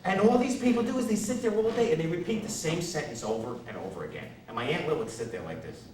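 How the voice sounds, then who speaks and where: A man's voice: fairly high pitch, expressive, fast talker. A man from Connecticut doing stand-up comedy, brash and self-mocking, chatting with the crowd from a stage. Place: theater stage. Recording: echoey hall, distant mic, audience audible.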